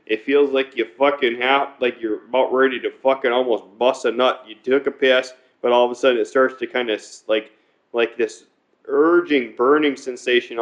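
Man, crude casual banter, swears constantly, rambles and repeats, dull lo-fi recording. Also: mid-range voice. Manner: profane, rambling, repeats himself.

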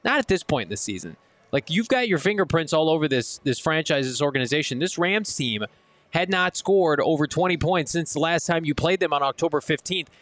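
A man's voice: a little high, expressive, fairly quick, fairly bright tone. A man hosting a live postgame sports talk show, delivering an emphatic, ranting critique at a casino watch party.

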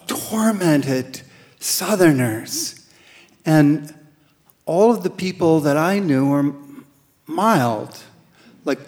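A man telling a true first-person story live on stage, gentle and wry, with hesitant restarts. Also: fairly high pitch. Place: stage in a large hall. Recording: echoey hall with long reverb.

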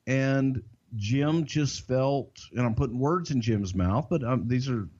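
An older man with a Southern American accent, co-hosting a podcast and telling behind-the-scenes stories in a folksy, drawn-out way. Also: mid-range voice, darkish tone, lo-fi sound. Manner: folksy, drawn-out, swears casually. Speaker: podcast co-host. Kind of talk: casual storytelling.

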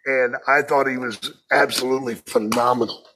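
A middle-aged podcast co-host speaking casually, with blunt, emphatic reactions. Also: male voice, medium pitch, fairly even intonation, moderate pace, noisy background. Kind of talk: casual chat.

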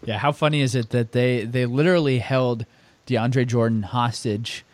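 A man hosting a casual fantasy basketball podcast, brisk and steering the talk. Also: medium pitch, fairly even intonation, dry recording. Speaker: podcast host. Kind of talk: casual fantasy sports chat.

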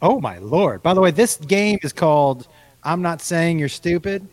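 A woman's voice: fairly low pitch, lively intonation, moderate pace, a little mellow. A woman hosting a casual comedic live chat, rambling and cutting herself off, often laughing. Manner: rambling, self-interrupting, laughing. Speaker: host.

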